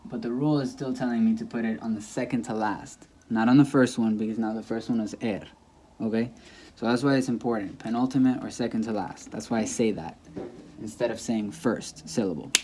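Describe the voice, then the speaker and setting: Male teacher, warm low-key tone, patient, casual explainer. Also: a little hiss or hum. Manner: patient, repeats words slowly for emphasis, checks in with "okay?". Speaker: Spanish teacher.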